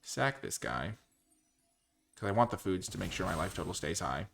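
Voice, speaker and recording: A man's voice: deep voice, very animated, normal speed, creaky, fairly bright tone, soft background music. A man giving chatty, self-mocking commentary while playing a card game. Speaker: streamer. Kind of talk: gameplay commentary.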